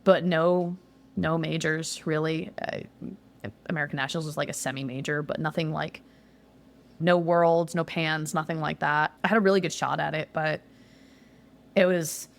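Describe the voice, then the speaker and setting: A young woman telling a casual interview story about her competitions, chatty, full of "like", swearing when she gets excited. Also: low-pitched, normal speed, gravelly. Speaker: guest, jiu-jitsu competitor.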